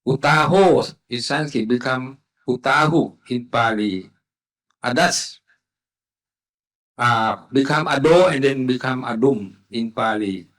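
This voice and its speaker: A man delivers a conference lecture at a very slow, deliberate pace. His voice sits at an ordinary middle pitch, and he often pauses with fillers and restarts his words mid-way. The delivery is careful and academic. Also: a bit bright. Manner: slow, halting delivery with frequent fillers and self-corrections. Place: conference hall.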